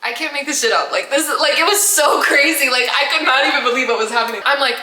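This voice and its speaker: A young woman spins a wild story from her own life with lots of energy, swearing freely and breaking into laughs. Her voice sits fairly high and rings bright. The room around her is roomy and echoey. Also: fast talker. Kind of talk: casual storytelling. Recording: roomy echo.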